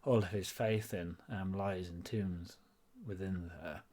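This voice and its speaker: Guy running a tabletop game, rambly and chatty, lowish voice. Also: steady tone, a little slow, darkish tone. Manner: rambling, loose and chatty, many fillers. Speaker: game master.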